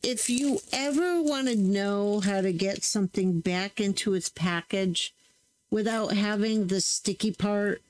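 A woman's voice: medium pitch, a little slow, a little mellow, low-quality recording. A woman hosting a crafting channel, chatting casually to viewers while she tests stamps, often correcting herself as she works. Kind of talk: casual crafting demo chat.

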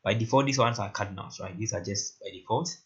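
A man's voice: lowish voice, quick pace, a bit bright. A man talking through a screen-recorded coding tutorial in a casual way, often asking "right?" while he works. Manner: casual, repeats "right?" and "very interesting". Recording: lo-fi muffled mic. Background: keyboard typing and clicks.

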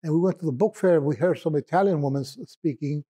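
Husky, halting man with a mellow voice. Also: fairly high pitch. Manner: halting, stumbling over words and restarting; musing and reflective. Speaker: poet guest. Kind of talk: casual podcast conversation.

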